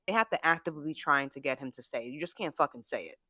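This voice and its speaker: A blunt, foul-mouthed sports podcast co-host with a bright, forceful voice. The sound is close and dry, with no room around it. The talk is loose and opinionated, and it slips into mock quotes of the players. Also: mid-range voice, lively intonation, fast, no room sound. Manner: blunt and profane, acts out players' imagined thoughts. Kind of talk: casual sports chat.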